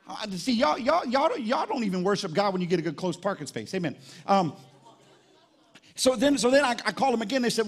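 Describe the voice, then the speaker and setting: Guy preaching at church, chatty and animated, voice on the higher side. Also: a little fast, breathy edge. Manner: animated, conversational storytelling preacher. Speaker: pastor. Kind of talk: live sermon. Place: church service.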